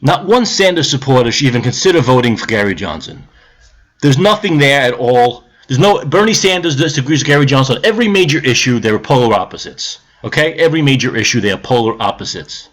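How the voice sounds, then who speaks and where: Medium-pitched and quick, the voice belongs to a political vlogger who swears his way through a rant to camera, lecturing the viewer before shifting into a calmer, grumbling explanation.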